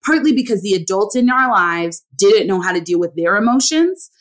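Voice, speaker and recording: A woman hosts a podcast, conducting a casual conversational interview in an earnest, emphatic way and frequently tagging her points with "right?" Her voice is medium-pitched, animated, a bit bright, and at a normal speed.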